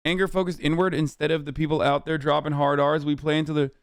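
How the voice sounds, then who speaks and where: A man's voice: a little high, little pitch movement, quick pace, clear, resonant tone, no echo. A man in his thirties ranting on a livestream, heated, profane and sarcastic, speaking into a close studio mic. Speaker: streamer.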